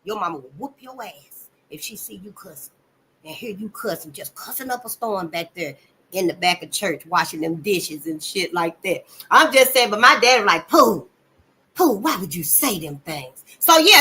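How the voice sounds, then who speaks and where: Woman going off on a rant, cussing, bright sharp voice, calls everyone honey. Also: animated, moderate pace. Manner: profane, emphatic, calls listeners honey; swings between loud outbursts and low asides. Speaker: channel host. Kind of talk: impassioned commentary.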